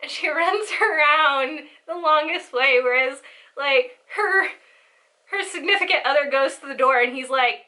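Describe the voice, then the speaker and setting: A young woman in her twenties telling a rambling, animated story, often breaking into giggles. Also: high-pitched, moderate pace. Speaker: vlogger. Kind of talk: casual storytelling.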